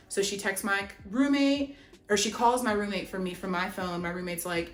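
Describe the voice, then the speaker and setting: A young woman telling a storytime vlog, animated and chatty, with lots of "like". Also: medium pitch, moderate pace. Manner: animated, chatty, heavy use of "like". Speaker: vlogger. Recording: roomy echo, faint music. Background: faint background music.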